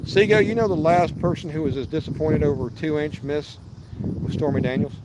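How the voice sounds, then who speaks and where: A man's voice: on the high side, fairly quick, very noisy. A man, hosting a fishing livestream outdoors and chatting casually, rambling and restarting as he reads viewer messages. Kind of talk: casual live-stream chat. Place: outdoors at a park lake.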